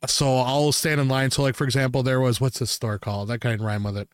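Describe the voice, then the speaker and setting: A young man telling rambling, jokey stories on a casual podcast, laughing often and putting on loud silly voices. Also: mid-range voice, level tone, brisk, smooth, no echo, clean studio sound. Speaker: podcast host. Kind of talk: casual podcast chat, storytelling.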